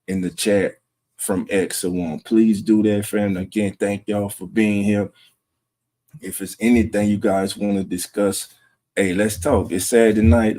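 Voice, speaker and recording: A man hosting a late-night sports livestream at home, talking low and greeting chat viewers by name. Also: dark tone. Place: home room at night with wife resting nearby.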